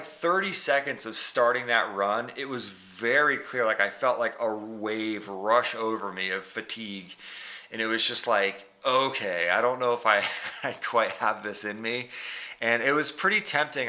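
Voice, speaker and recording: Bright-voiced man recapping his training. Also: mid-range voice. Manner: rambling, self-correcting, frequent fillers. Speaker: vlogger.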